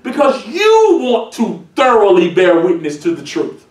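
A man preaching a sermon as a pastor, emphatic and building to shouted points. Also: very high voice, big pitch swings, measured pace. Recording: echoey church heard from a distance.

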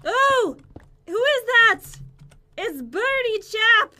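Woman gaming, super high bouncy voice, squeals and giggles a lot. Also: sing-song, extremely slow, pushed and bright. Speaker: gaming channel co-host. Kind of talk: casual gameplay banter.

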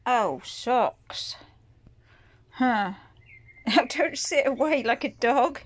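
Woman sweet-talking a cat, slow. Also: a little high, animated. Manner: coaxing, fond pet talk. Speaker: vlogger feeding a feral cat. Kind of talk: casual chat to a pet.

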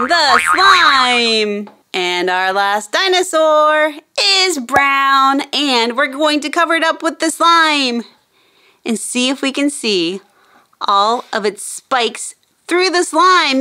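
High bright-voiced woman host for kids. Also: takes it slowly. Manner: gentle, animated, sing-song for children. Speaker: children's show host. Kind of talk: slow kid-directed narration.

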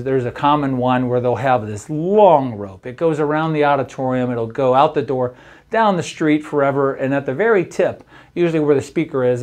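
A middle-aged man, a campus pastor, giving a relaxed daily devotional in a chatty, folksy way, often checking in with the listener. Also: medium pitch. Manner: conversational, folksy, often asks "right?".

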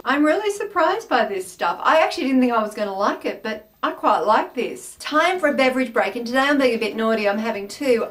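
A woman's voice: a little high, a bit bright. A woman with an Australian accent, hosting a casual taste-test vlog in a chatty, self-mocking, exclamatory way. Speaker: food taste-test vlogger.

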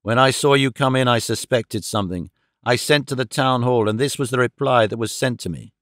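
A man voicing a curt country innkeeper who speaks in a measured, cold and firm way. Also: mid-range voice, fairly bright tone, no echo, clean studio sound, close to an everyday voice. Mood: low, menacing.

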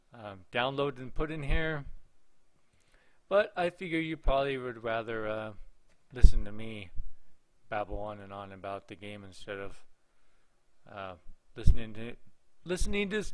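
A man casually commenting on a horror game as he plays it. He rambles along in a mid-pitched voice, jokes around and often talks straight to the characters on screen. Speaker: gameplay commentator. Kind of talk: casual let's play commentary.

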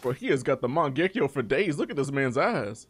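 A man giving excitable, slangy commentary while playing a video game, yelling and calling everyone bro. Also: medium pitch, fairly quick, breathy edge. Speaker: gaming streamer. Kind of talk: gameplay commentary. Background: game music.

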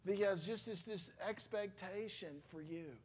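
A man's voice: high-pitched, normal speed. A middle-aged man, a pastor, preaching a sermon in a conversational, emotional storytelling manner with exclamations.

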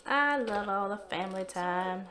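A young woman giving casual commentary while playing a life-simulation game, chatty and quick to exclaim when things go wrong. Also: medium pitch, crowd noise. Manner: chatty, sympathetic, exclaims often, easily exasperated. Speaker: let's play gamer.

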